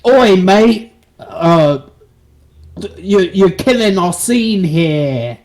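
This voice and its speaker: A man putting on a brash, cartoonish mock-British accent as a comic impression, loud and slangy. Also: high voice, expressive, very slow, pitched above the performer's own voice, heavily acted.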